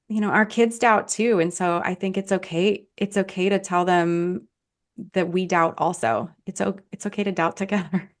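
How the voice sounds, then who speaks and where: A middle-aged woman, an author guest on a podcast, talking casually with many fillers and frequent laughs. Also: mid-range voice. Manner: warm, laughing, thinks aloud with many fillers.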